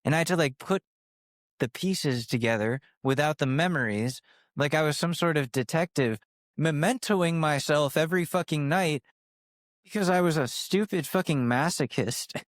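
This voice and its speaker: A man's voice: on the high side, normal speed, dry recording, studio quality. A young man in his twenties hosting a podcast, telling a personal story in a rambling, profane, self-mocking way that keeps drifting off on tangents. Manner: jumps from sidetrack to sidetrack. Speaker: podcast host. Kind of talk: candid storytelling rant.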